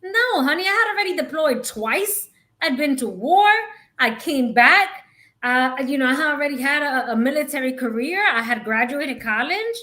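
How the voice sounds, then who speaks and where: A woman's voice: high voice, expressive, moderate pace, pushed and bright. A woman co-hosting a podcast, speaking frankly and emphatically in casual chat, often laughing. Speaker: podcast co-host.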